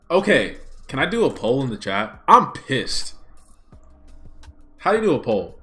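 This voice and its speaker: A man hosting a live watch-party stream who swings between hyped shouting and muttered grumbling, recorded on a smartphone. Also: mid-range voice, big pitch swings, unhurried, long pauses, faint music behind. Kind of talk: excitable live reaction stream.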